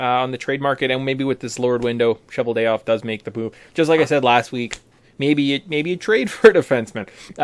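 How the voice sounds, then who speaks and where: A man's voice: mid-range voice, dry recording. A man co-hosting a casual sports podcast, rambling through his points with frequent restarts. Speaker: podcast co-host.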